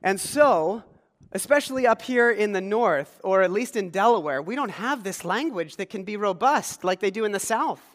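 A man's voice: sits high, lively intonation, normal speed, a bit bright, big-room sound. A man from rural Pennsylvania preaching a conversational sermon in a church, quizzing the congregation. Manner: conversational, engages congregation with questions. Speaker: pastor. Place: church sanctuary.

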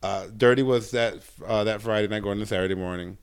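A man, a stand-up comedian telling a long story in a casual interview, swearing often and filling pauses with "uh.". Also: fairly low pitch, fairly even intonation, smooth. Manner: profane, rambling storyteller with many fillers.

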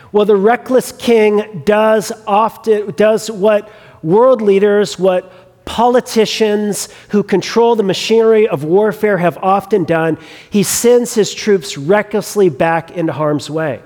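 A man preaching a sermon, retelling a scripture story in an animated way and acting out its characters. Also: high-pitched, unhurried. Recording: long reverb of a large hall.

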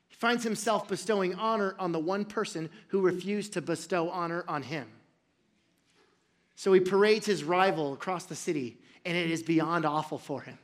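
A pastor retelling a story in a sermon, dramatic and jokey, with bursts of shouting at the high points.

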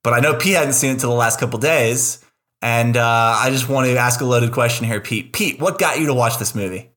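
A man hosting a podcast in relaxed, chatty conversation. His voice sits at an ordinary middle pitch. He talks with enthusiasm and a self-deprecating streak. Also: brisk. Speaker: podcast host. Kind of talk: casual podcast chat.

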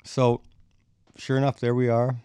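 A middle-aged man, a bassist and podcast guest, telling animated stories, acting out quotes and chuckling as he goes. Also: measured pace, clean tone, no room sound, studio quality. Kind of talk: anecdotal storytelling in conversation.

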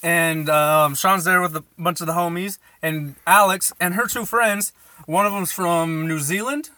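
Young man, podcast host, bright dry voice. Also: high-pitched, unhurried, dry recording. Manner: laid-back storyteller, gives shout-outs. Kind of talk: casual chat.

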